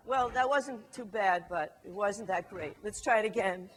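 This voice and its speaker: A middle-aged woman with a high voice tells a story to a live audience. She is lively and expressive and slips into the characters as she goes. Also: normal speed, few pauses. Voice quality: lively, acts out characters with shifting voice.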